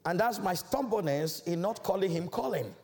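High, lively-voiced preaching man. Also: normal speed. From Africa. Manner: emphatic, declamatory preaching with big swells in pitch. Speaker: church elder preaching. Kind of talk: sermon. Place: large church.

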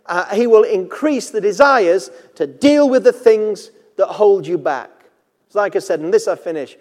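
A man's voice: high-pitched, darkish tone. A man preaching a sermon in an earnest, conversational way, weaving in personal stories. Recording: long reverb in a large hall.

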